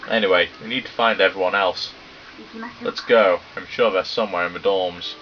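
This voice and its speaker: A man's voice: sits low, steady tone, a little hiss or hum. A British man reading game dialogue aloud and joking and swearing through a let's play. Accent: British English. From Britain. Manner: sweary, joking, does quick silly voices for characters. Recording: dull lo-fi sound with game music behind. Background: game music.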